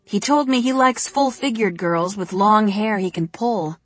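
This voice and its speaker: A woman narrator voicing a chatty, gossipy young woman, talking high and breathless. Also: unhurried, dry recording, faint music behind, lightly acted.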